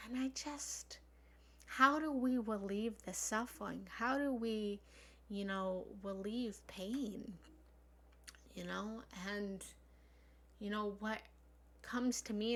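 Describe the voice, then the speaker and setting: A woman's voice: medium pitch, fairly even intonation, slow, fairly bright tone. Earnest woman coach on a live stream. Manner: earnest, meandering, many fillers like "you know". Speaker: spiritual love coach.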